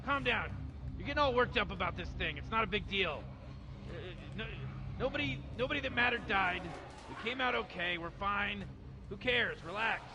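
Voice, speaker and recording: A man's voice: sits high, animated, normal speed. A man voicing Rick, a careless old mad scientist who rambles through his plans and brushes off worries, as a fan impression over gameplay. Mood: dismissive. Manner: rambling, dismissive.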